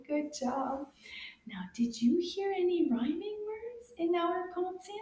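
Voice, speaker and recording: A woman teaching French to young children, coaxing them to repeat words and saying each word loudly and cheerfully. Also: very high voice, big pitch swings, takes it slowly, roomy sound. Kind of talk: children's language lesson.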